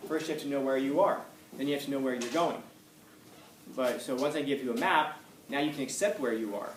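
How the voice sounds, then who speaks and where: A man gives a casual classroom lecture at an ordinary pitch and often repeats his points for emphasis. His voice bounces around a roomy space and sits away from the mic. A faint noise runs underneath. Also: a little fast. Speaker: teacher. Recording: echoey room, far from mic, faint noise.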